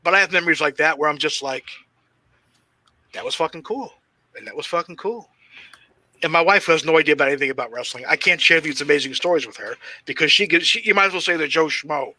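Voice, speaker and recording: A man's voice: a little high, racing, hardly any pauses, pushed and bright. A man, a professional wrestler as guest, telling rambling, profanity-laced anecdotes in a casual interview. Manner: heavy swearing, rambling anecdotes; self-described shy and socially awkward.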